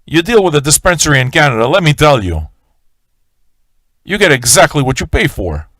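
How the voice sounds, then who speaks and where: A man's voice: a little high, very animated, a little fast, a bit bright, dry recording. A man hosting a live-stream radio show, ranting in a swaggering, profane way and talking straight to his viewers. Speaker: livestream radio host.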